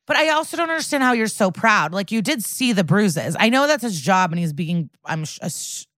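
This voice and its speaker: A woman's voice: mid-range voice, animated, a little fast, fairly bright tone, no room sound. A woman co-hosting a podcast, recapping a TV episode in a casual, chatty way, swearing often and saying "like" a lot. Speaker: podcast co-host.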